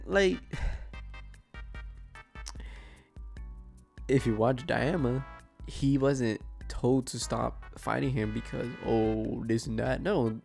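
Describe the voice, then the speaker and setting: A man's voice: mid-range voice, gravelly, darkish tone. A sick man with a stuffed nose gives a profane, exasperated gaming rant and keeps asking rhetorical questions. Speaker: gaming commentator. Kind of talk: ranting reaction commentary.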